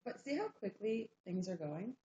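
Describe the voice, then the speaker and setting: A woman's voice: medium pitch, very animated, normal speed, warm tone, a little hiss or hum. A woman from Montreal with a light Québécois French accent chats her way through a makeup livestream. She pokes fun at herself as she goes. The sound is dull and lo-fi, in an echoey room. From Montreal, Canada. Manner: chatty, self-mocking, joking. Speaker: livestream host. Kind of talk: casual makeup livestream chat.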